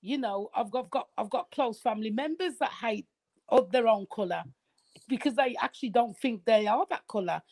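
A woman's voice: on the high side, fairly quick, darkish tone. Insistent middle-aged woman in heated debate. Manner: emphatic, repeats phrases, apologetic yet insistent. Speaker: discussion panelist.

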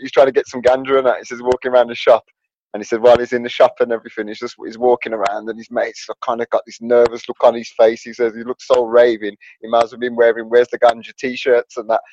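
A man who plays music, co-hosting a podcast and telling stories in casual chat. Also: medium pitch. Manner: quick storyteller, lively. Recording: dull lo-fi sound.

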